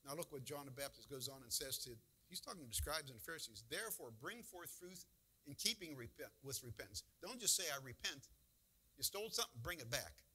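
A man's voice: medium pitch, expressive, brisk, sharp tone, breathy edge, poor audio. A man pastor giving a folksy, conversational sermon with emphatic bursts.

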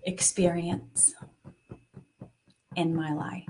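Slow, soothing woman guiding a tapping session. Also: on the low side, little pitch movement, gravelly, darkish tone, slight background noise. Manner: slow, soothing, sighing between cues. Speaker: tapping and meditation guide. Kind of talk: guided tapping session, live stream.

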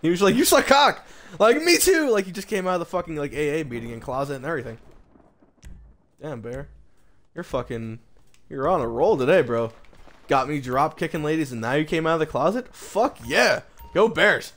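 A man with a slightly higher voice riffs through a live game stream. He mocks his friend's outfits with loose, profane jokes and keeps the banter rolling. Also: animated, moderate pace, fairly bright tone. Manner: crude, profane teasing of a friend. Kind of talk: live gaming stream commentary.

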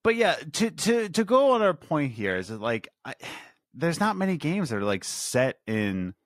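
A man's voice: fairly high pitch, sing-song, normal speed, dry recording, studio quality. A man from the United States co-hosting a gaming podcast, chatting casually and joking at his own expense. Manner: jokey, self-deprecating. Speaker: podcast co-host. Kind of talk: casual chat.

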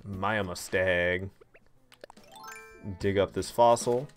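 A man's voice: low-pitched, steady tone, drawn-out words, over music. A man streaming a cozy life-sim game, chatting casually and thinking aloud, laughing easily at what happens on screen. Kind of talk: casual gameplay livestream commentary.

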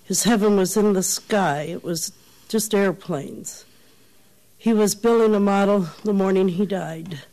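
A woman, a bereaved mother, speaking quietly and wistfully in an interview. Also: medium pitch, measured pace, rough recording. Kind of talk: interview testimony.

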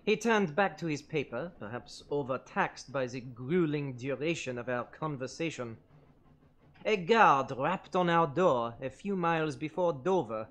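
A woman narrating a game aloud in an unhurried storybook manner. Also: deep voice, lively intonation.

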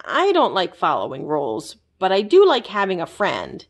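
A woman's voice: fairly low pitch, wildly swooping pitch, normal speed, heavily acted. A woman reading a storybook aloud voices a cheeky male mouse who dislikes rules but is good-natured and candid. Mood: sheepish.

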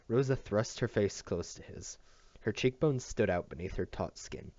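A man's voice: on the low side, lively intonation, normal speed, darkish tone, no room sound. A man reading a novel aloud in a plain manner, sometimes stumbling and correcting himself. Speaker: audiobook reader. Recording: dull dry lo-fi home recording.

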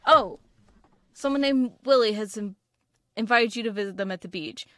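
A woman's voice: mid-range voice, normal speed, no room sound, clean studio sound. A woman giving casual, rambling let's-play commentary while playing a video game, full of fillers and restarts. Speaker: gaming video creator.

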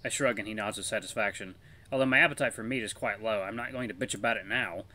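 A man hosting a let's play, reading a visual novel aloud in a chatty, animated way. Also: fairly low pitch. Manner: animated, chatty, quick laughs.

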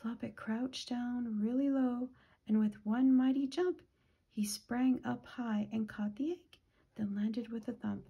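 Woman storytime reader, mellow husky tone, slightly high, gentle hushed delivery. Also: a little slow, highs cut off. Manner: gentle, often drops to a whisper. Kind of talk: reading a picture book aloud.

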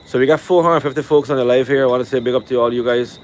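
A man hosts a live stream from a rooftop cookout, rattling off shout-outs and ranting at critics in a brash, animated style. His mid-range voice races along, with a little hiss or hum in the audio.

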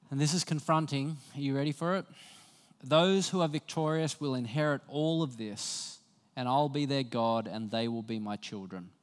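A man's voice: medium pitch, long reverb tail. A man preaching a sermon as pastor, talking to the congregation in a conversational way and weaving in personal stories. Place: church.

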